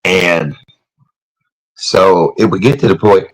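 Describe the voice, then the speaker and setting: A man's voice: low voice, takes it slowly, low-quality recording. A middle-aged man chatting casually as he cooks, emotional and talkative, reading out viewers' comments as he goes. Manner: emotional, chatty, talks to live chat by name. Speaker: cooking vlogger. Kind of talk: casual cooking talk to viewers.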